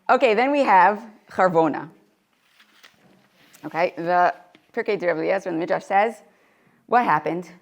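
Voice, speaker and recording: Woman teaching a torah class, bit of gravel in her voice, keeps asking "right?". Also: lowish voice. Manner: reads Hebrew sources then translates, asks the audience questions. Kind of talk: lecture with text reading.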